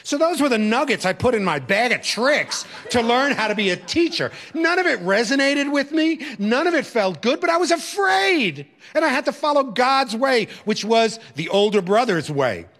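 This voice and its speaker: Animated middle-aged male storyteller. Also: very high voice, normal speed, few pauses. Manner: animated, emphatic, reflective. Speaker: storyteller, educator. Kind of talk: personal storytelling.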